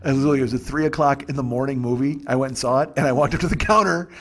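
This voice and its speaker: A man's voice: medium pitch, quick pace, fairly bright tone, a little hiss or hum. A man in his fifties hosting a podcast, ranting in a profane, self-deprecating comic monologue. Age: 50s. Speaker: podcast host. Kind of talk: casual comedic monologue.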